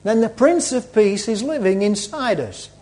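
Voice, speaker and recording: A male preacher retelling a story in a sermon, dramatic, swinging between loud and hushed. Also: high voice, expressive, normal speed.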